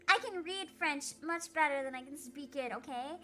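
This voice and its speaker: A woman's voice: sits high, normal speed, sharp tone. A young woman streamer chatting casually through a Q&A, giggly and self-deprecating, with lots of fillers. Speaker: vtuber streamer. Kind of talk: casual Q&A chat.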